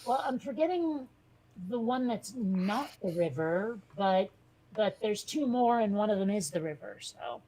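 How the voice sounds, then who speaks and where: This podcast co-host, raised in a Catholic Italian family, has an animated mid-range voice with a dark tone and a measured pace. Chatty yet hesitant, she rambles through the casual conversation with many fillers and restarts.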